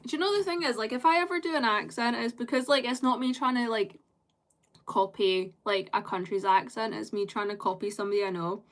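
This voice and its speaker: A woman's voice: on the high side, brisk. A woman live streamer chatting with her viewers in a loose, rambling way. She strings thoughts together with constant fillers and drops casual swear words.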